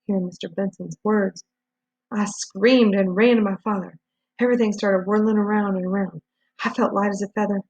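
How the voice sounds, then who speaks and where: A woman reads a novel aloud in a husky voice, keeping a steady storytelling pace with small slips and restarts. The recording is dull and lo-fi. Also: mid-range voice, moderate pace, no echo. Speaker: reader.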